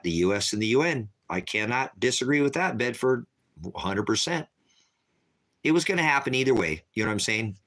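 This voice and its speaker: A man preaching on a livestream, ranting forcefully and repeating himself. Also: fairly low pitch. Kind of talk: heated livestream rant.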